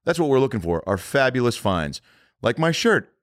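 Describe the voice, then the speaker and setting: A man's voice: medium pitch, big pitch swings, normal speed, no echo, clean studio sound. A man hosting a casual comedy chat, telling crude stories and joking while reacting to a video. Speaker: podcast host.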